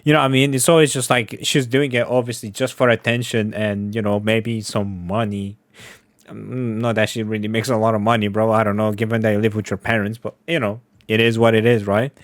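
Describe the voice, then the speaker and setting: A man's voice: fairly low pitch, flat delivery, fairly quick, dry recording. Slangy profane man reacting. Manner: slangy, profane, laughs a lot, says "bro". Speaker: reaction commentator. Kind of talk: casual reaction chat.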